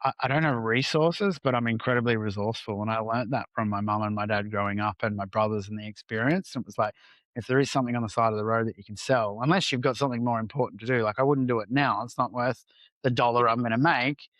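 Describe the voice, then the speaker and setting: A man's voice: mid-range voice, fairly even intonation, fast, a bit bright, no room sound. Man, entrepreneur guest on a podcast, mid-range voice, candid storyteller who swears casually, dry close recording.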